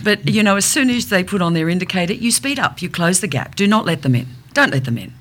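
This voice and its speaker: A woman with a British accent, an actor and comedian guest, chatting and telling animated stories. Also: on the low side, fast talker. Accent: British English. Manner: animated storyteller, slips into put-on American and Australian voices. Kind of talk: casual chat.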